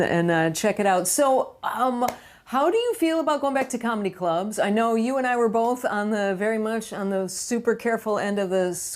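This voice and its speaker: A woman's voice: mid-range voice, darkish tone. A woman hosting a casual interview chat, laughing readily and encouraging her guest. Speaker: host.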